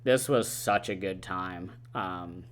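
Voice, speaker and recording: Man, low voice, casual rambling movie recap, lots of filler words. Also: slow, slight background noise. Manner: rambling, animated retelling with many "like" and "uh" fillers. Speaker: movie reviewer.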